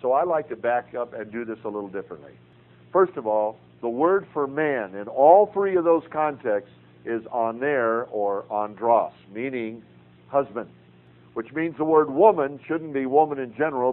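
An older man teaching a Bible class, earnest and folksy, telling personal stories between scripture quotes. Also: medium pitch. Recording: tinny phone-like radio broadcast with faint hum.

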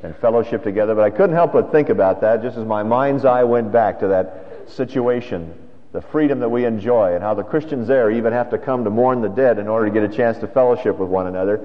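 A man's voice: on the low side, fairly quick. A man preaching a sermon as pastor, in a conversational style with rhetorical questions. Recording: dull lo-fi sound with long hall reverb.

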